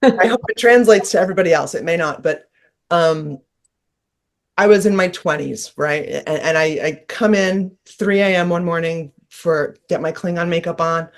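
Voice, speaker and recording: A woman's voice: on the low side, moderate pace. A woman, an actor guest, telling a funny story expressively and laughing as she goes. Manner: expressive storyteller who laughs through her tale. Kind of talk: casual anecdote.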